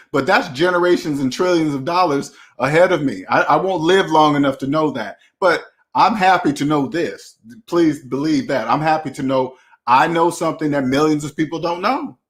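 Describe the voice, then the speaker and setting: A man delivers a casual monologue as a finance channel host, with a fairly high-pitched voice. He talks bluntly in loose street slang and preaches at the viewer. He hammers his points by repeating the same phrases again and again. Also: fairly bright tone.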